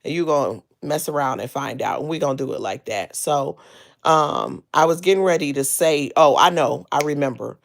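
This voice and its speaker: A woman hosting a casual gossip livestream from home, lying down, chatty and full of drawn-out ums. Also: low-pitched, animated, creaky. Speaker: livestream host.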